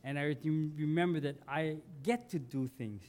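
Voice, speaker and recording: A man's voice: fairly high pitch, normal speed, a little mellow. A man preaching a sermon as pastor, conversational, asking his congregation questions and building to emphatic lines.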